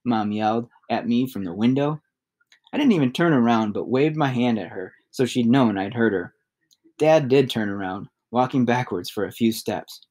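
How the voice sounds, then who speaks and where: A man reading a novel aloud in a steady, even narration. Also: medium pitch, moderate pace. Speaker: audiobook reader.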